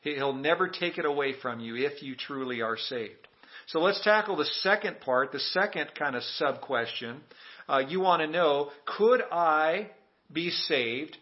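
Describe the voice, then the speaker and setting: Emphatic preaching man, fairly high voice. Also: animated, unhurried, dull audio. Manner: emphatic, asks the congregation to repeat lines. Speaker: pastor. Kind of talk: sermon. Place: church sanctuary.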